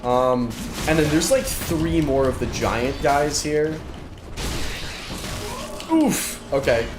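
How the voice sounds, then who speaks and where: Slow but expressive, this slightly high-voiced man streams a game from his monitor-lined desk, yawning and sounding worn out. He talks casually, pokes fun at himself and repeats phrases, with roomy audio and background noise.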